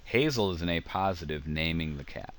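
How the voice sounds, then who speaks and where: A man's voice: sits low, lively intonation, brisk. A man giving a casual grammar lecture over slides, explaining with examples and frequent ums. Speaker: teacher.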